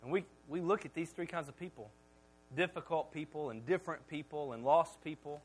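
A man's voice: on the high side, brisk, breathy edge, low-quality recording. A male pastor preaching a sermon, telling stories with humor and often repeating words as he starts sentences. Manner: animated storytelling with humor.

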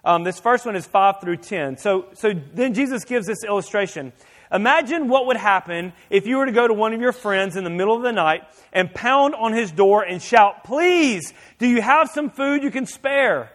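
A man preaching a sermon as a pastor, animated and shouting at times for effect. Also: sits high, moderate pace.

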